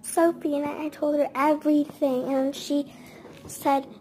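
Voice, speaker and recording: A woman with a high voice rambles through a casual storytime, padding her sentences with "like" and quick asides. Her delivery is chatty and unpolished, the way someone talks when recounting a long night. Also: flat delivery, mellow, a little hiss or hum. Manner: chatty, rambling, many "like" fillers.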